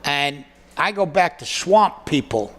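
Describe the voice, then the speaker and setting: A man, a guest comedian, telling stand-up stories in an animated, excitable way and doing quick voice impressions. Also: fairly high pitch. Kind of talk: stand-up storytelling.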